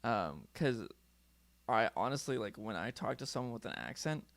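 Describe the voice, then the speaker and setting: A man with a neutral American accent hosts a casual interview over a video call. His pitch moves around a lot as he chats, and the sound is close and dry. He laughs often between questions. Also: sing-song, normal speed, creaky, a bit bright, no echo. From California. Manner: friendly, laughs often, chatty. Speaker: podcast host.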